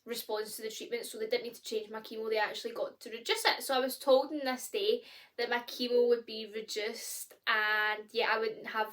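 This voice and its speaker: A young Scottish woman in her twenties, chatting casually to camera as a vlogger, candid and expressive with lots of fillers. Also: on the high side, brisk.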